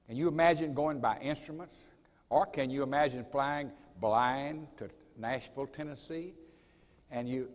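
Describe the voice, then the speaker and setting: A man's voice: fairly high pitch, fairly bright tone. An older man telling a folksy, emphatic story as a speaker at a college assembly. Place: school assembly hall. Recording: long reverb of a large hall.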